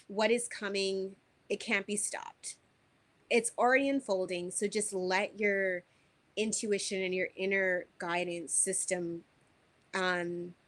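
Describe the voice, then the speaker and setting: A woman speaks slowly and unhurriedly, with a somewhat low voice. As a wellness teacher she gives a spiritual forecast in an earnest, reflective way, often pausing to gather her thoughts. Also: a bit bright. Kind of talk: unscripted spiritual talk to camera.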